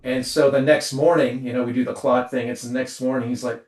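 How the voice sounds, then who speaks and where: A man's voice: medium pitch, little pitch movement, brisk, a little mellow, reverberant, distant mic. A man co-hosting a talk show, riffing crude comedy and laughing at his own jokes. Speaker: podcast co-host.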